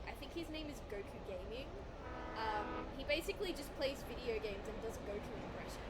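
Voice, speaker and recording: A woman's voice: fairly high pitch, background noise. Chatty woman streaming a game. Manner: chatty, laughs often, talks back to chat. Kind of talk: casual chat while gaming.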